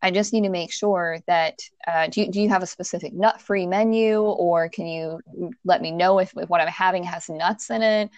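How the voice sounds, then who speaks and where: A woman's voice: fairly low pitch, moderate pace, no echo, muffled recording. Thirties woman, casual storyteller, laughs a lot, dry close mic. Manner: animated, laughs often, acts out quotes.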